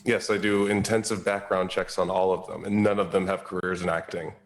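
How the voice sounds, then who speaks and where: Man player, low deadpan delivery, dry wit. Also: a little fast. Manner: deadpan, wry. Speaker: tabletop game player. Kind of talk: casual in-character banter.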